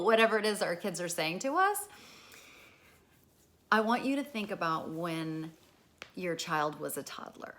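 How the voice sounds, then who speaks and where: A woman's voice: mid-range voice, animated, normal speed. A middle-aged woman talking casually as a therapist and podcast host, candid and swearing freely, often acting out the people she describes. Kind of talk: casual spoken talk.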